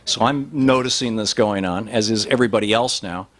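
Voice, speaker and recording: A man's voice: on the low side, a little fast. A man telling a long anecdote in a rambling way, full of restarts and fillers. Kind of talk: storytelling talk.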